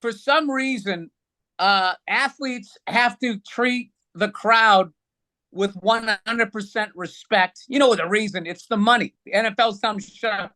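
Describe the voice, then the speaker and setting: A man's voice: high-pitched, measured pace, pushed and bright, no room sound. A man co-hosting a casual sports podcast, ranting bluntly with heavy profanity and teasing his co-hosts. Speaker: podcast co-host.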